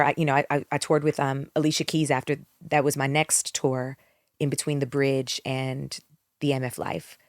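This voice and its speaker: A middle-aged singer candidly tells her story as a guest in a podcast interview, reflective and full of restarts. Her deep voice comes through in clean studio sound with no echo.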